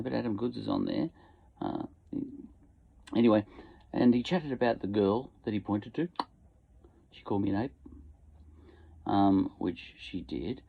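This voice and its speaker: A man's voice: mid-range voice, creaky. An Australian man rambling casually in a home shed, full of fillers and asides. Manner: meandering, many fillers and asides. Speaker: podcast host. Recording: tinny phone-like lo-fi sound.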